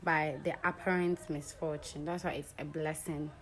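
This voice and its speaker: A woman hosting an English pronunciation lesson. She speaks deliberately, spells words out letter by letter and checks that the viewer understands. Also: sits low, flat delivery, poor audio. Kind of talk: spoken language lesson.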